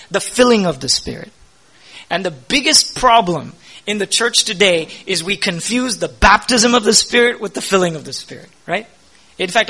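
Male preacher, high bright voice, call-and-answer delivery that swells on key points. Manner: asks the congregation questions and answers them himself; emphatic, rising loud on key points. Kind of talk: sermon.

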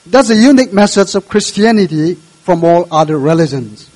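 A male pastor preaching a sermon, earnest and measured, urging his listeners. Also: high-pitched, lively intonation, darkish tone, poor audio.

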